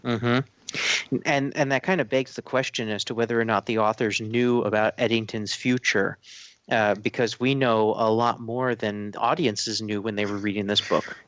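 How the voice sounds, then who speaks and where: A man's voice: lowish voice, fairly even intonation, normal speed, fairly bright tone, no room sound, muffled recording. A man with an Irish accent hosting a casual podcast chat, talkative and self-deprecating. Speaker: podcast host.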